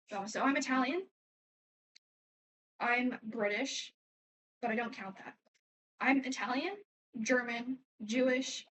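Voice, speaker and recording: A teenage girl chats her way through viewer questions, wandering off topic and restarting her sentences as she goes. Her voice sits a little high and comes from slightly back from the mic, with a faint layer of background noise. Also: distant mic, rough recording. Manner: rambling, chatty, trails off and restarts. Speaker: vlogger answering fan questions. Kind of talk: casual chat.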